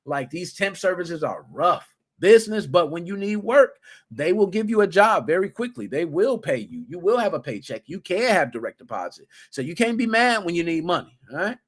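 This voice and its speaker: A man in his thirties hosting a podcast, chatting casually and telling work stories in a slangy, animated way, acting out what people said. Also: sits high, normal speed. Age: 30s. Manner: animated storytelling, slangy, acts out quotes. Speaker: podcast host. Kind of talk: casual solo podcast talk.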